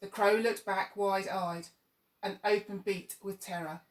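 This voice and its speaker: A woman reading a children's story aloud in an expressive, lively way. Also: medium pitch, a little slow, recorded from a distance. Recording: echoey room, voice off-mic.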